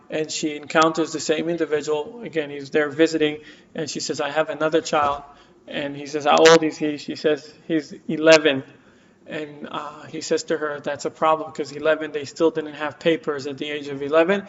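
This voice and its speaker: In a community center classroom, a man with a fairly high voice and little pitch movement speaks at a moderate pace while teaching. His story is packed with fillers and restarts, and he performs the quoted lines. It's a dull lo-fi room recording with slight background noise.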